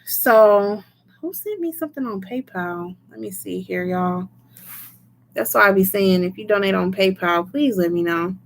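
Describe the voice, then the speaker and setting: A woman's voice: mid-range voice, unhurried. A woman doing a casual livestream as a tarot reader, chatting, laughing often and greeting viewers by name.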